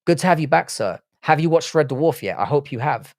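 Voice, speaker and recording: A man with a higher voice and lively intonation hosts a livestream, speaking fairly quickly with a darkish tone. He reads chat messages out and answers them in a casual, profane, offhand way. The sound is studio quality with no room sound.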